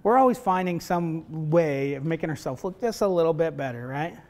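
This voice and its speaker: A middle-aged man lectures a roomful of facilitators. His voice sits high for a man, and he keeps checking in with "right?" while acting out little family scenes. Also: expressive, normal speed, a little mellow. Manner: conversational, keeps asking "right?", acts out family dialogue. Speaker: university professor teaching facilitators. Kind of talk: lecture with personal stories.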